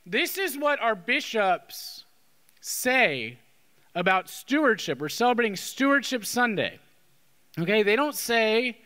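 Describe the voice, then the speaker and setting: A man with a high, bright, pushed voice speaks slowly but with great animation, preaching a sermon as a Catholic priest. His delivery is conversational, and he keeps checking in with the listeners by asking "okay?" The recording carries the long reverb of a church hall.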